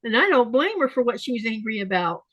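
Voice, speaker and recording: A woman's voice: fairly high pitch, sing-song, fast, no echo, muffled recording. A woman hosting a casual live chat, reading viewer comments aloud and laughing often. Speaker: live stream host.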